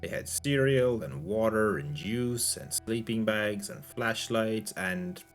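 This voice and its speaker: A man's voice: on the low side, takes it slowly, faint music behind. A man voicing a young woman with a child's mind who speaks in short, simple, childlike sentences, read aloud as a story. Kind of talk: audiobook-style reading.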